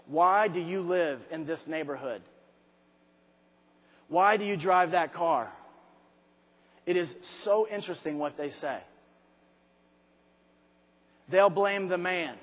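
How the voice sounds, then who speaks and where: A high-voiced motivational speaker addresses a huge arena crowd, swinging between quiet, intimate asides and slow, hard, drawn-out shouted points. The live recording carries a long hall reverb.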